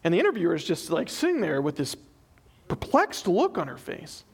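A man's voice: fairly high pitch, a little fast, breathy edge. A man preaching a sermon in church as pastor, acting out the people he quotes as he tells the story. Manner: animated, acts out quoted people in his retelling.

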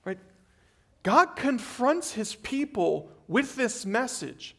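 A male preacher with a high-pitched voice delivering an earnest sermon. He pushes some lines out with emphasis, then drops to a near murmur on others. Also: very animated, takes it slowly, creaky. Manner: earnest, swings from emphatic to very quiet.

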